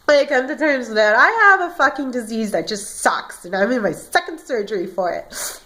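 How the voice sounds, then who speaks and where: High-voiced woman venting through tears. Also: animated, moderate pace, a bit bright. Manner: tearful, ranting, repeats words. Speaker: vlogger. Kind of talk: emotional personal vlog.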